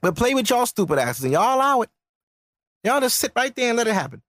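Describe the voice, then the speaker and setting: Male podcast host, blunt lecturing rant, lively swinging delivery, dry room. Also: very high voice, fast talker, no room sound.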